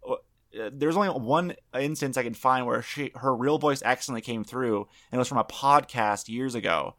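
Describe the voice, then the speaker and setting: A man's voice: medium pitch, moderate pace, a bit bright. A man hosting a casual podcast chat, rambling with many fillers and restarts. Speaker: podcast host presenting the topic.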